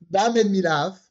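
Lady on a podcast, chatty storyteller doing all the voices, kinda dull lo-fi sound. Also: medium pitch. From French Caribbean. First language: French. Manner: lively storyteller who acts out quoted dialogue. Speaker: podcast co-host. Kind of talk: casual storytelling chat.

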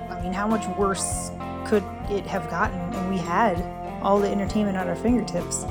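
A woman's voice: medium pitch, fairly even intonation, normal speed. A woman hosting a comedy show, chatting casually with rambling, self-deprecating asides. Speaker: podcast host and voice actor. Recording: music playing behind.

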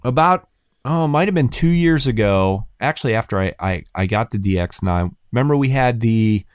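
A man co-hosting a casual podcast, telling lively stories and acting out what people said. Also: mid-range voice, normal speed, clear, resonant tone, no room sound, clean studio sound. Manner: animated storyteller, acts out others' lines. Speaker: podcast co-host. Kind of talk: casual chat.

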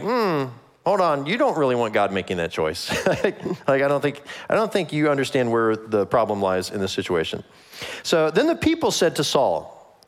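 A man preaching a casual sermon, reading scripture and acting out the characters in a joking, modern voice, laughing often. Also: mid-range voice. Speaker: pastor.

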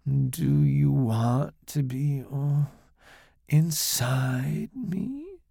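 A man voicing a seductive female monster in disguise, speaking in a slow, hushed, breathy way. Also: mid-range voice, expressive, no room sound, clean studio sound, voice pushed up, exaggerated voice. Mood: sultry, hushed.

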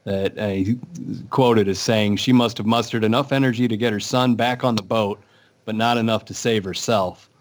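A man co-hosting a casual news chat, telling a story in a calm, matter-of-fact way. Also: fairly low pitch, moderate pace. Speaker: co-host.

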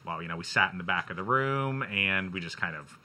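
Jokey radio guy, low bright voice, messing around with cohosts. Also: lively intonation, fairly quick. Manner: joking, playful. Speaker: radio show host. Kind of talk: casual banter.

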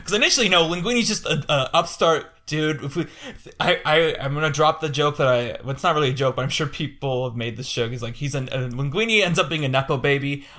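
A man co-hosting a podcast in casual film discussion, animated, quick, laughing often and restarting his sentences. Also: fairly high pitch. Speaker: podcast co-host.

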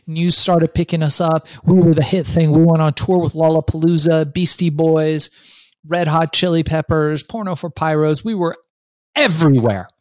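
A man in his fifties, an author and guest, telling his story in an animated, profane way. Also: on the high side, normal speed, no room sound. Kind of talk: storytelling interview.

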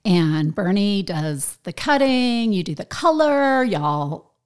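A woman with a Southern US accent hosting a casual interview, talking in a warm and encouraging way. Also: medium pitch, big pitch swings, slow pace, clean tone. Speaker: host.

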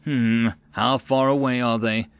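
A man voicing a brisk, decisive male military commander. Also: medium pitch, little pitch movement, clear, resonant tone, no room sound, lightly acted.

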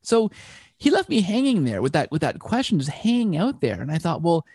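Man, interview guest, slightly raised pitch, rambling with restarts, dry close sound. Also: huge pitch swings, brisk, darkish tone, breathy edge, no room sound. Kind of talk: conversational storytelling.

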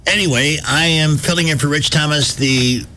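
A man's voice: a little high, moderate pace, sharp tone. A man hosting a radio talk show in a wry, joking, conversational way. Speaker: fill-in radio talk host.

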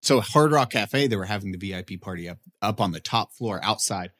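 A man in his thirties with a fairly low voice tells a story in relaxed conversation. He gets animated and throws his voice higher to act out other people's lines. He swears casually and laughs easily. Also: brisk. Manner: animated, acts out quotes in a raised voice, swears, laughs often. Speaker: podcast co-host telling a story.

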